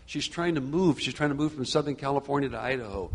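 A man's voice: mid-range voice, fast. A middle-aged man leading a church small group, talking conversationally and growing fervent and preachy, often repeating phrases. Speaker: group leader.

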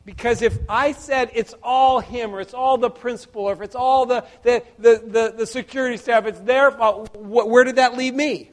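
A middle-aged man with a very high voice and fairly even intonation preaches a sermon. He's earnest and halting, full of restarts and repeated words, and puts questions to his listeners.

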